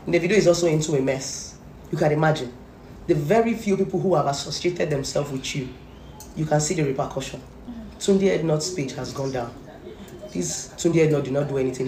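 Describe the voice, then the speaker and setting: A woman's voice: deep voice, mellow, slight background noise. Scolding Nigerian woman in an echoey room. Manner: scolding, repetitive, confrontational. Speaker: celebrity gossip commentator. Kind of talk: angry rant to camera.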